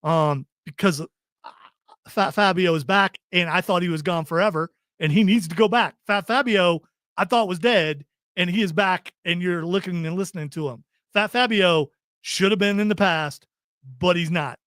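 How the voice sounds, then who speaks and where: A man from Ohio with a Kentucky-tinged accent, bantering with his co-hosts as he reads out viewer comments. His voice sits a little on the high side, and the recording is dry and close. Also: normal speed, a bit bright, no echo. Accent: Kentucky-tinged American. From Ohio, USA. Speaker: podcast co-host reading live chat. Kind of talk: casual banter.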